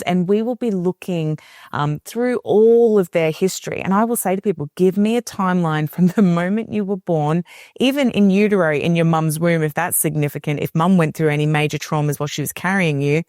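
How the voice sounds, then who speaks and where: A woman talks as a podcast guest, earnest and unhurried in her explanations. Her voice sits a little low for a woman. It is recorded close and dry, with almost no room sound. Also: no room sound. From Australia. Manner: earnest, animated when retelling clients' words. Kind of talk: conversational explanation.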